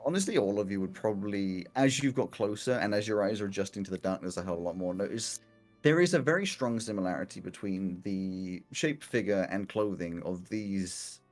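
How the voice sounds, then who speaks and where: A man running a tabletop game as game master, talking casually, laughing often and filling pauses with "uh" and "like". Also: deep voice. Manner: chatty, laughing, many fillers.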